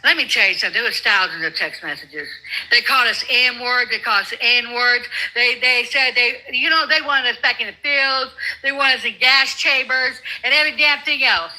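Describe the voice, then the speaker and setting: High, bright-voiced older woman, profane and combative. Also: normal speed, poor audio. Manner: profane, confrontational, blunt. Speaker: guest. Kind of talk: heated livestream debate.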